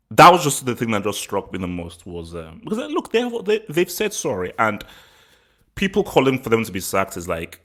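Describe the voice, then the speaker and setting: A man's voice: lowish voice, fairly bright tone. Rambling male football vlogger. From England. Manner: rambling, repeats words, laughs often. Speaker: football channel host. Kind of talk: casual opinion vlog.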